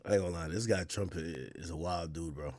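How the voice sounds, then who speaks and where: A man's voice: low-pitched, a little fast, a little mellow, no room sound. A man in his thirties giving blunt, profane commentary as he reacts to news clips, laughing often.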